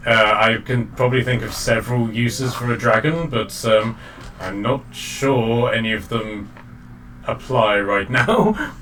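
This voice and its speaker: Over soft background music, a man runs a tabletop game as dungeon master, his mid-range voice animated, unhurried and fairly bright. His narration is loose and talkative, full of fillers and laughs, captured on a distant mic with a little background noise.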